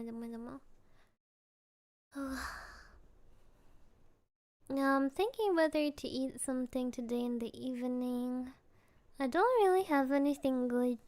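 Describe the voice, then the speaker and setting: Young woman streamer, high unhurried voice, giggly, playful chat with viewers. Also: darkish tone. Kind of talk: casual livestream chat.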